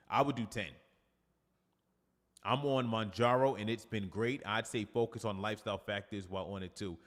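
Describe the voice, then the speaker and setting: Low-voiced New York fitness coach, roomy. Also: male voice, moderate pace. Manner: energetic, reads viewer comments aloud. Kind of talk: casual livestream chat.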